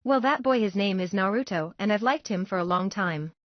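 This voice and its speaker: A woman's voice: medium pitch, lively intonation, a little fast, no room sound, highs cut off, natural voice. A woman voicing a secretive, lovesick teenage girl ninja with a whiny teen manner, in a fan-fiction story reading.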